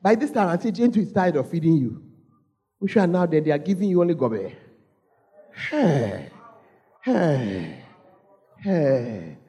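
A woman's voice: on the low side, lively intonation, fast talker, mellow, breathy edge. A woman with a Ghanaian English accent preaching a storytelling sermon, calling out to the congregation and repeating her phrases.

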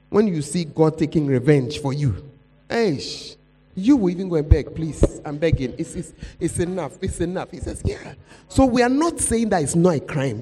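A man's voice: fairly high pitch, mellow, husky. A man preaching a sermon as pastor, pleading and urging the congregation to repeat phrases to their neighbors. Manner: pleading, call-and-response with congregation. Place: church hall. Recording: echoey hall with mains hum.

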